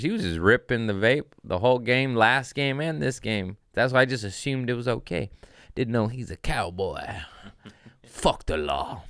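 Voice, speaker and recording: A man with a low, smooth voice, the host of a comedy podcast, rambling through a story with lots of swearing and dry wit. His voice sits close and dry, with no room around it. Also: bright, forceful tone, no room sound. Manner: profane, rambling and wry. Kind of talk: casual storytelling monologue.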